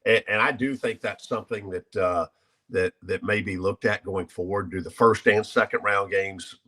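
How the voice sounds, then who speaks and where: Deep-voiced measured sports consultant, man. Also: fairly even intonation, pushed and bright. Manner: measured, filler-heavy, upbeat. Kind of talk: casual panel discussion.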